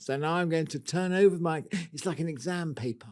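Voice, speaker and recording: A man's voice: on the high side, fairly quick, hardly any pauses, a little mellow. A man co-hosting a gardening podcast, talking in a rambling, jokey, self-mocking way. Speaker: podcast co-host. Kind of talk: casual chat.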